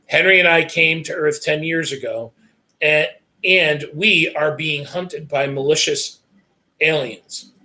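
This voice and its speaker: A man's voice: on the high side, slow pace, sharp tone. A man reading a first-person novel aloud in an earnest, tense storytelling manner. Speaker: reader.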